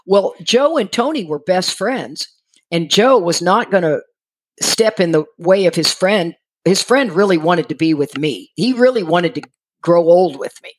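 A middle-aged woman casually telling a personal recovery story, animated and acting out what people said, laughing now and then. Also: lowish voice, measured pace. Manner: animated, acts out quoted voices, laughs while telling.

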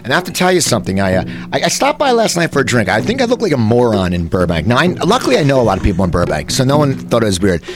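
A man's voice: medium pitch, wildly swooping pitch, rapid-fire, few pauses. A man in his late forties from New Jersey, hosting a casual talk show and telling stories in a rambling way with many restarts. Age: 40s. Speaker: host.

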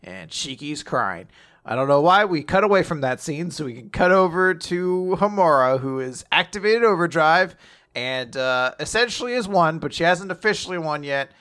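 A man's voice: fairly high pitch, lively intonation, moderate pace, pushed and bright. A man co-hosting a podcast, casually recapping a manga chapter, laughing and joking as he acts out lines. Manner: laughing, joking, acting out quotes. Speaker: podcast co-host.

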